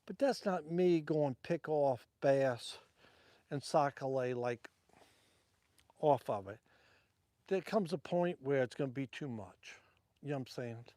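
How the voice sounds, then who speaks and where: A man's voice: medium pitch, measured pace, long pauses, mellow, no room sound. A man with a Southern Louisiana accent chatting casually to livestream viewers while fishing from a wharf at night, rambling between casts.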